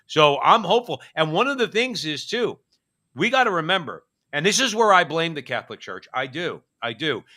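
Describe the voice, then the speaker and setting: A man's voice: a little high, very animated, moderate pace, pushed and bright. A man co-hosting a political talk show, ranting emphatically with frequent restarts. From United States. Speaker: co-host. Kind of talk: political commentary chat.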